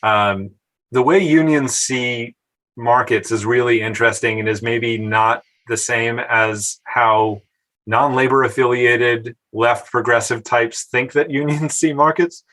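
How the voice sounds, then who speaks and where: Male policy analyst on a podcast; even-toned, thoughtful explainer. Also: mid-range voice, rough recording. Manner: measured, analytical, with mild hesitations. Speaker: housing policy analyst, guest. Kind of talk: podcast interview.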